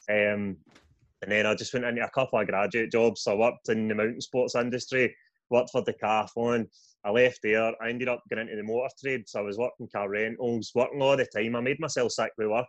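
A young Scottish man, a guest author, telling his story in a sweary, animated podcast chat. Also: mid-range voice, no room sound, dull audio. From Scotland.

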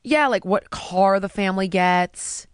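A woman in casual chat, telling stories in an animated way and acting out what people said. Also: mid-range voice, measured pace, clear, resonant tone, dry recording, clean studio sound. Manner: animated storytelling, acting out quotes.

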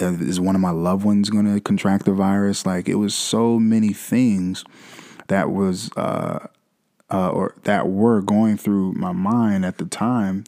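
A young man hosts a devotional podcast, talking through scripture loosely and conversationally with frequent "right?" asides. His voice is low, creaky, and warm.

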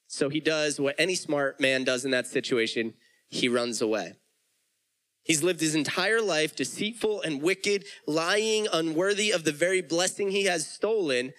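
A man's voice: on the high side, a bit bright, rough recording. A man preaching a sermon, retelling the story in casual everyday speech with frequent restarts.

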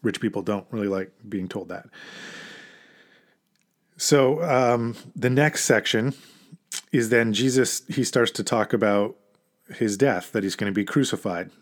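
A man's voice: lowish voice, unhurried, long pauses. A man preaching an informal, conversational sermon as a pastor, earnest and emphatic at key points.

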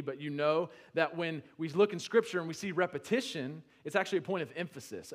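A male pastor preaching a sermon, conversational with restarts, building to loud emphatic peaks and then dropping low.

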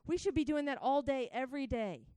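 A woman preaching a sermon, swinging from hushed to joyfully shouting and talking straight to her listeners. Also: high voice, a little fast, no echo. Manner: laughs between points, speaks to listeners as guys.

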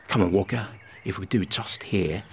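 A man's voice: deep voice, moderate pace, creaky, slight background noise. A man playing a sarcastic, streetwise young city kid hiding out in the countryside. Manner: sarcastic, wry.

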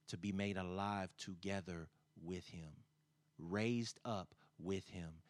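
A man delivering a sermon at a slow, deliberate pace. He repeats phrases for emphasis and climbs into loud, high-pitched exclamations when he reads scripture, then settles into soft, intimate talk. The recording is dry and close, with little room sound. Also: no echo. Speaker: preacher.

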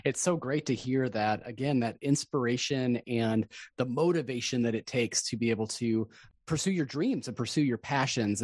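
A man's voice: medium pitch, a little mellow, dry recording, clean studio sound. A man hosting a podcast, responding with enthusiasm and leading into the next questions. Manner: enthusiastic, guides the talk. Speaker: podcast host. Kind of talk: casual interview chat.

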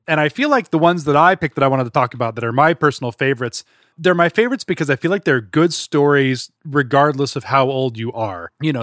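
A man's voice: mid-range voice, fairly bright tone, no echo, clean studio sound. A man co-hosting a podcast in casual chat, talking in an enthusiastic, rambling way. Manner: enthusiastic, chatty, fond of tangents. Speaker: podcast co-host.

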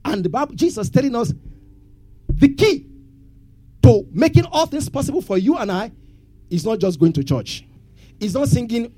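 A man's voice: very high voice, sing-song, normal speed, pauses often, warm tone. Male pastor, preaching, quizzes the crowd, faint music behind. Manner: call-and-response questions to congregation. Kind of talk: sermon.

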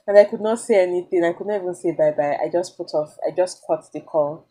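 A young woman vlogger with a Nigerian accent tells a personal story candidly and confidingly, with plenty of fillers and restarts. Her voice is low-ish, mellow and fast.

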